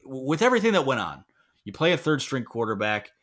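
Bright-voiced man hosting a sports podcast. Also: mid-range voice, sing-song, fairly quick. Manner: rambling, self-correcting, joking asides. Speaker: podcast host. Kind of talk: casual sports podcast chat. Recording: remote call audio.

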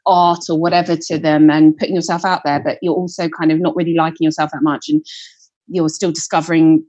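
A woman's voice: sits low, little pitch movement, fairly quick, darkish tone, dull audio. A woman in her thirties, a singer-songwriter guest talking candidly, chatty and self-deprecating, swearing freely. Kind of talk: candid podcast conversation.

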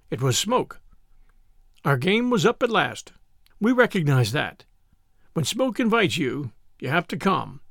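A man narrating a classic novel in a high, gravelly voice, with lively, varied intonation. The storytelling is measured, and the sound is dry and close. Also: no room sound. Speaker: audiobook narrator. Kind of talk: scripted narration.

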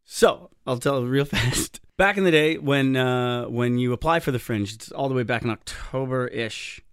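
A man guesting on a comedy radio show, animated and joking, chiming in over the others. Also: mid-range voice, moderate pace, clear, resonant tone, no echo, studio quality. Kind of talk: casual radio interview. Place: radio studio.

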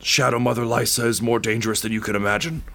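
A man's voice: mid-range voice, fairly even intonation, fast talker, creaky, bright, forceful tone. A man voicing a dying, massive, crude but loyal man who swears while gasping out urgent warnings. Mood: dying urgency.

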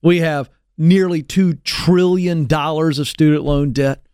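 A man's voice: flat delivery, measured pace, darkish tone, clear, resonant tone, dry recording. A man hosting a talk show, ranting sarcastically in an opinion monologue in a studio. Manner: sarcastic and ranting, big swings in pitch. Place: radio studio.

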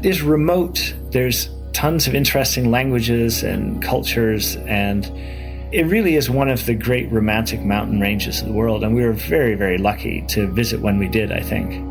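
Man recalling a journey, soft music behind. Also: medium pitch, moderate pace, vocal fry. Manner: enthusiastic, with restarts and repeated words. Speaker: adventurer recounting his trip. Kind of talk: casual interview storytelling.

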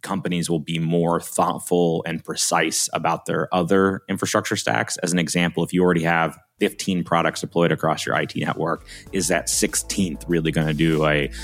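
A man's voice: low voice, level tone, moderate pace, hardly any pauses, faint music behind. A man from Alabama with a Southern accent, chatting casually as an interview guest, informal and rambling with many fillers. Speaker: industrial cybersecurity guest.

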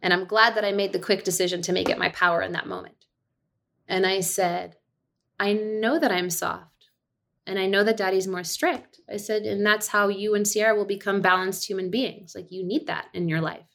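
Animated woman telling a family story. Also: medium pitch, normal speed, gravelly. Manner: animated storyteller, acts out quotes, laughs easily. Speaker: podcast guest, actor and director. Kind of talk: casual storytelling chat.

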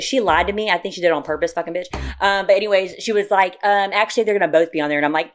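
A woman in casual podcast chat, telling stories loudly and profanely, with sudden shrieks of laughter. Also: mid-range voice, fast talker. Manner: loud animated storytelling, profane, bursts into shrieking laughs. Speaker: podcast co-host.

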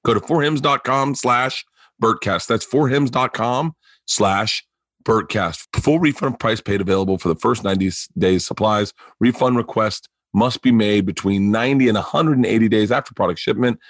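A man's voice: on the low side, normal speed, dry recording. Male podcast host reading an ad. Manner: loose, chatty ad read. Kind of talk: casual chat and ad read.

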